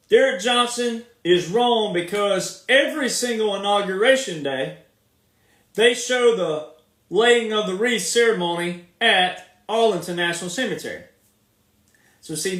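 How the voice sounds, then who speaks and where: High-pitched and a touch bright, the man speaks with a Southern accent in a casual commentator's monologue that's forceful and repetitive, his words drawn long. He's off-mic, and the room carries a noticeable echo.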